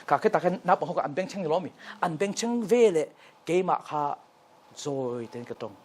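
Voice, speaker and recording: A middle-aged man runs a training session for Sunday school teachers. His voice is very lively in pitch, and he swings from hushed whispers to loud calls to show how it is done. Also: moderate pace, a little hiss or hum. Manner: animated, swings between whisper and shout to demonstrate. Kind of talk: teaching workshop, mixing languages.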